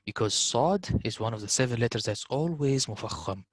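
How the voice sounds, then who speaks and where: A man teaching a tajweed lesson, contrasting sounds and repeating examples slowly with frequent fillers. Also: medium pitch, lively intonation, no room sound. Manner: hesitant fillers, informal address to students. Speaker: Quran recitation teacher.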